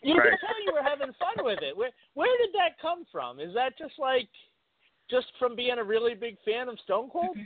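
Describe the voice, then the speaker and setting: A man's voice: extremely high pitch, sing-song, normal speed. A man interviewing a guest, asking questions with enthusiastic, hesitant phrasing. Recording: tinny phone-like line.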